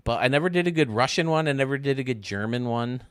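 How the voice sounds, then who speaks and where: A man's voice: mid-range voice, animated, quick pace, clear, resonant tone, no echo, clean studio sound. Rambling, joking male streamer. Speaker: streamer hosting a baseball game stream. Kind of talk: casual chat while playing.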